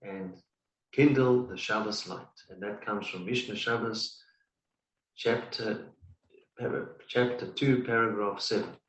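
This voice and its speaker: A man reading aloud from a book in a study session, halting with restarts. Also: on the low side, steady tone, reverberant, distant mic, low-quality recording. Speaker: study partner.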